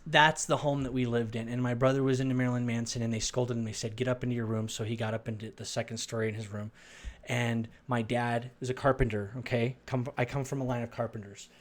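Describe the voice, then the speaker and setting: Middle-aged man, Arizona-raised, halting testimony, mid-pitched everyday voice. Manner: rambling, halting, with restarts and fillers. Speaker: storyteller. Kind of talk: personal testimony.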